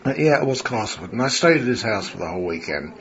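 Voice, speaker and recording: Older man, low voice, crowd behind. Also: big pitch swings, fast talker. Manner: chatty and rambling, with many fillers and restarts. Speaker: spiritualist medium interviewed after a seance. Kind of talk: reflective conversational interview. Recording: dull recording with a crowd behind.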